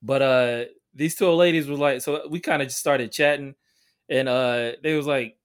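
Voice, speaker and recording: A man co-hosting a podcast, telling rambling, profane stories with halting fillers. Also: medium pitch, fairly even intonation, clean tone. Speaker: podcast co-host. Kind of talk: casual storytelling chat.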